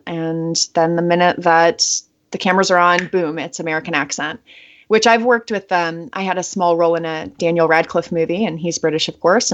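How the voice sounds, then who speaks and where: Bubbly laughing woman, muffled lo-fi audio. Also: on the low side. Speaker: actress and veteran guest. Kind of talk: casual interview.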